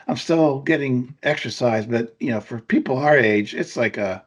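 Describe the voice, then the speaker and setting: A middle-aged man co-hosting a podcast, chatting in an upbeat way with quick asides. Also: medium pitch, slightly rough, muffled recording. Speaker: podcast co-host. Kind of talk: casual chat.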